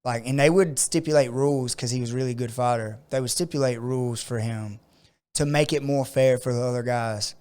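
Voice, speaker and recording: A man spinning a story in casual podcast chat, his voice smooth and clear at a middling pitch. He fills his sentences with "like" and bursts into loud put-on voices when he quotes people. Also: brisk. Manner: animated storyteller acting out quotes with loud outbursts; frequent "like" fillers. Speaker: podcast co-host.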